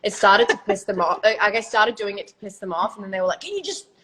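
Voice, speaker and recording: A woman's voice: medium pitch, steady tone, fast, a bit bright, poor audio. A young woman in casual chat on a phone livestream, chatty and swearing casually, often restarting her sentences. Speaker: actor in a live chat.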